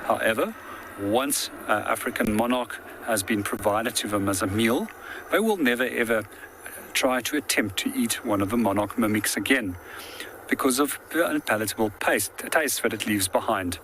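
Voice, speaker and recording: A man safari guide explaining wildlife facts in steady live commentary from an open game-drive vehicle. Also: fairly low pitch, normal speed, slight background noise.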